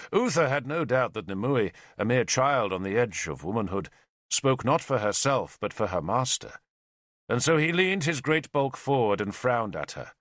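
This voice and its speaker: A man narrating an audiobook in a dramatic, measured storytelling way. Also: on the low side, very animated, fairly bright tone, no echo, studio quality.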